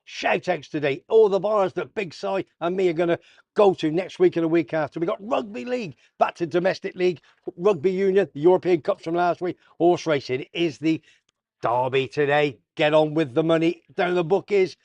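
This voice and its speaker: A man's voice: fairly high pitch, moderate pace, a little mellow, no echo, lo-fi sound. A man hosting a casual sports roundup vlog, full of jokey banter and slang. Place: south of Tenerife.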